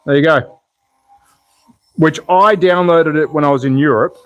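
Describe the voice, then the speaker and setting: A man's voice: fairly high pitch, unhurried, no echo, muffled recording. An Australian man hosting a casual live stream, chatting, thinking aloud and answering viewers' chat. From Australia, Melbourne. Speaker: slot car channel host.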